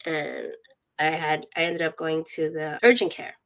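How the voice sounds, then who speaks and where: A woman in her thirties tells a personal story as a podcast guest, lively and expressive. She acts out the voices of the people in her story and laughs as she goes. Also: sits low, normal speed. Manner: animated, acts out quoted voices, laughs often. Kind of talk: casual storytelling chat.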